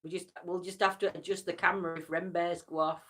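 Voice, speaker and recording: A woman's voice: lowish voice, flat delivery, fast, fairly bright tone. A woman hosting a casual livestream, chatty and teasing, tired and yawning. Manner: chatty, laughs often, teasing. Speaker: livestream host. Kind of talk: casual live chat.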